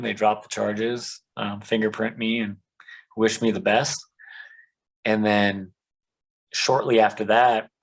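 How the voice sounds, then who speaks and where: A man tells his life story as a guest on a faith podcast. He speaks earnestly in a somewhat low voice and falls back on "um" and "you know" as he goes. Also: vocal fry, rough recording. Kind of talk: conversational testimony.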